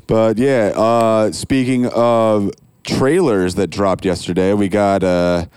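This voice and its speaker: A man's voice: on the low side, steady tone, takes it slowly, darkish tone, clear, resonant tone, no room sound, studio quality. A man co-hosting a podcast, chatting casually, rambling and swearing as he corrects himself. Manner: rambling, profane, self-correcting. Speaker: podcast co-host. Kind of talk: casual chat.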